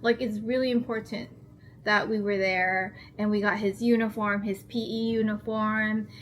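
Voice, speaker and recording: A woman's voice: medium pitch, flat delivery, normal speed, a little hiss or hum. A woman in her thirties vlogging at home in a rambling, earnest casual chat. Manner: rambling, earnest, heavy use of "like".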